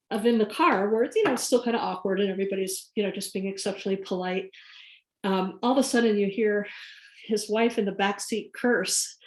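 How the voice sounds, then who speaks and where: Woman telling a career story, echoey room. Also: medium pitch. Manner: lively anecdotal storytelling with laughs. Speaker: guest speaker. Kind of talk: career story told to an audience.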